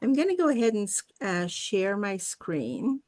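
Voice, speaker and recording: A woman's voice: mid-range voice, sing-song, moderate pace, a little mellow. A woman guest minister giving a sermon over a video call, with friendly asides and a storytelling manner. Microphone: video call mic.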